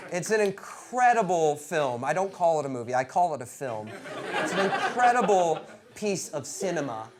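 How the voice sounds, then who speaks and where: A stand-up comedian in his thirties telling personal stories on stage, animated and bursting into loud acted-out quotes. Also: fairly high pitch, background noise. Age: 30s. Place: comedy stage before a live audience.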